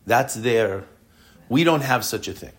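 This man teaches Torah to a class in an expressive, unhurried way, working through rhetorical questions and often lowering his voice to an intense near-murmur.

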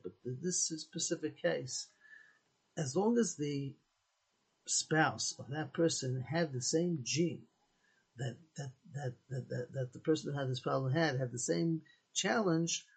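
Gravelly, husky rabbi telling a story. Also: male voice, medium pitch, rough recording. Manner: earnest storytelling, many restarts, Hebrew and Yiddish terms. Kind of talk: Torah talk with a story.

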